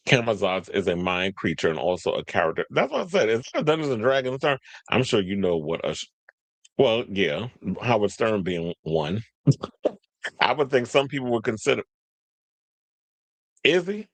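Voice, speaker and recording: Rambling, slangy man with a low voice. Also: sing-song, normal speed, no echo. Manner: rambling, slangy, loses his train of thought; talks to viewers and live chat. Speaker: entertainment news host. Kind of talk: casual commentary, reading news aloud.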